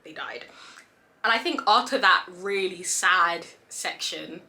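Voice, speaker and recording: A young woman chatting casually to camera as a vlogger, expressive and giggly, acting out her own reactions at home. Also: lowish voice, slow pace.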